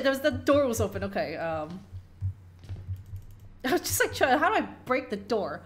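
A woman's voice: a little high, very animated, moderate pace, pauses often. A young woman giving casual, profane, jokey commentary while playing a horror game, reading in-game notes aloud with sarcastic asides.

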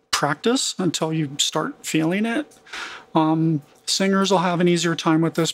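A man teaching music production in a relaxed screen-recorded tutorial, humming rhythms to make his points. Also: fairly high pitch, husky.

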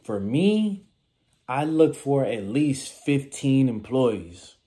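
A man with a Californian accent talks through business advice in a loose, animated vlog style. His voice sits in a middle pitch with a dark, mellow tone. He slips into little acted-out scenes as he goes. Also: takes it slowly. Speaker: vending machine business vlogger.

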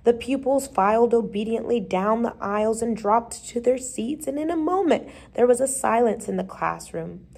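A woman's voice: a little high, normal speed, creaky, few pauses, breathy edge. Woman reading a children's story aloud. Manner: lively, brief changes of voice for the characters, occasional slips and restarts. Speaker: reader.

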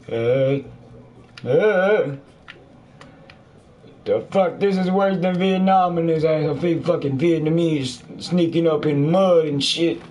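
Loud, crude man doing gameplay commentary. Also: a little high, takes it slowly. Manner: loud, crude, jokey running commentary with frequent cursing. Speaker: gamer. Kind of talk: profane let's play commentary. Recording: faint background noise.

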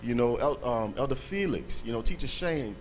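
A man's voice: medium pitch, animated, normal speed, a little hiss or hum. A man giving a fervent, thankful testimony at a church service, speaking emphatically to the congregation.

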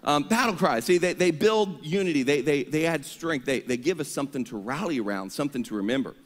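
A male pastor preaching an energetic sermon, leading the congregation in call-and-response. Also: a little high, fairly quick. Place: church sanctuary. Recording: long reverb of a church hall.

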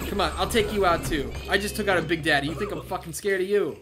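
A man giving profane, excitable let's play commentary, talking back to the game as he plays. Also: high voice, fast, few pauses. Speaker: gamer. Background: video game music and sounds.

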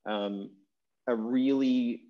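A man teaching an online language class over a video call, talking in a relaxed, rambling way with fillers and restarts. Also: mid-range voice, extremely slow. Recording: dull lo-fi video call audio.

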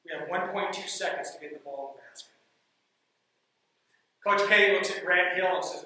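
A man who coaches basketball, telling a team story as an animated speech. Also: high-pitched, normal speed, long pauses. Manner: animated, builds suspense in anecdotes. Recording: echoey room, mic from far off.

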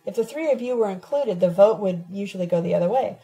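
A woman narrating a novel told in letters, reading in a steady, measured first-person voice. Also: medium pitch, rough recording. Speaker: audiobook reader.

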